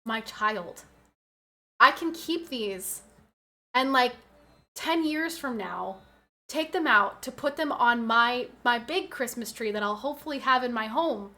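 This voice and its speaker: A woman's voice: on the high side, animated, a little slow, pushed and bright. A woman in her twenties chatting casually on a livestream, reading out and answering chat with frequent laughs. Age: 20s.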